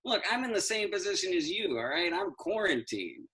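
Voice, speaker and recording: A man's voice: sits high, big pitch swings, moderate pace, sharp tone, exaggerated voice. A man playing Superman as a cranky, profane stand-up comic ranting about quarantine. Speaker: stand-up comedian in costume. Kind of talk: in-character stand-up.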